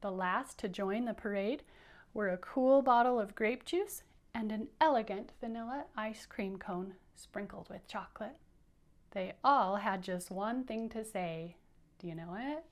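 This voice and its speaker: With a mid-range voice and an unhurried delivery, a woman teacher gives children a playful read-aloud, coaxing them to repeat lines back to her.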